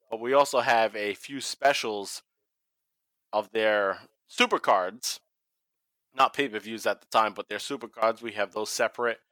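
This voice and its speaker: A man's voice: mid-range voice, sharp tone, dry recording. A man from Massachusetts with a Boston accent, hosting a casual wrestling podcast, swearing freely and laughing often. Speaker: podcast host.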